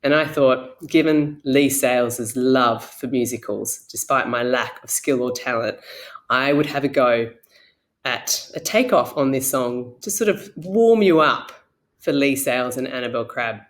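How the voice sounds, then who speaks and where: A woman's voice: very deep voice, unhurried. A woman presenting an educational video for primary school children in a playful, chatty way.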